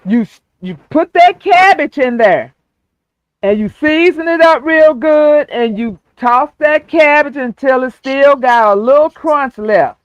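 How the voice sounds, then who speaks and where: A man's voice: extremely high pitch, lively intonation, measured pace, no echo, lo-fi sound. A man hosting a casual stream chat, folksy and talking people through a recipe step by step. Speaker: show host.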